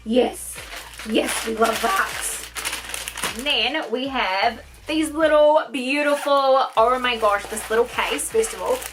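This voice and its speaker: A young woman vlogging a makeup unboxing, gushing and gasping with endless excitement. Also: high voice, measured pace, few pauses, background noise. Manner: gushing, gasping, lots of "oh my god" and "honey". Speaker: beauty vlogger.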